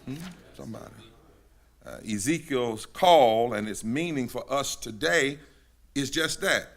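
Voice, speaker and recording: A man preaching a sermon at a synagogue gathering, rhythmic and repetitive, building to shouted climaxes. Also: mid-range voice, unhurried. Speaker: pastor.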